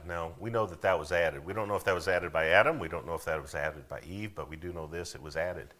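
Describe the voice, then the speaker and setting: A man's voice: low voice, fairly quick, sharp tone. A man preaching a sermon in a conversational way, with frequent asides and calls for the congregation to recite verses with him. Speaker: pastor.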